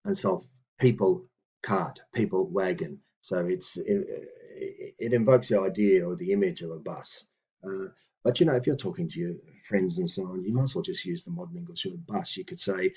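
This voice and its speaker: A man teaching a lesson, reading out phrases slowly and deliberately, with hesitant fillers between explanations. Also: sits low, warm tone, breathy edge, highs cut off. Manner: slow and deliberate on old words, with hesitant fillers. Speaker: language teacher. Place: room with books on a table.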